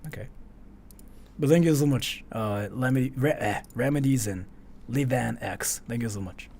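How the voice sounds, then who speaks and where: A man's voice: medium pitch, unhurried, gravelly, a little mellow, slight background noise. A young man from Japan, speaking English with a Japanese accent, chatting casually on a livestream and reading out donations, with lots of fillers. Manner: chatty, filler-heavy, reads donations aloud. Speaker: streamer.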